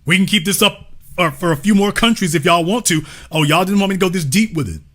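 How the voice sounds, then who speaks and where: With a voice that sits high and sounds pushed and bright, an American man rapidly lectures an audience as a cultural commentator. His impassioned delivery is preacher-like, full of repeated lines and rhetorical questions.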